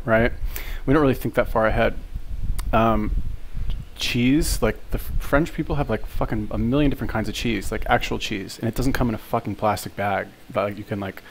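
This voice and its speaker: A man's voice: on the low side, brisk, gravelly, slight background noise, rough recording. A man hosting a reaction video, giving casual commentary in a rambling, sarcastic way full of fillers and swearing.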